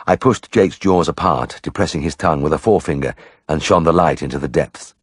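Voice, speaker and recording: A man narrating an audiobook in a measured, storytelling way. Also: rumbling low, husky, no room sound, clean studio sound.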